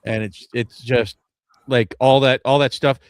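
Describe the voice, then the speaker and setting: A blunt man talking at an ordinary pitch, trading casual opinions on a podcast. His voice sounds dry and close, with no room echo. He is dismissive and swears freely. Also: fairly even intonation, unhurried, smooth. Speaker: podcast co-host.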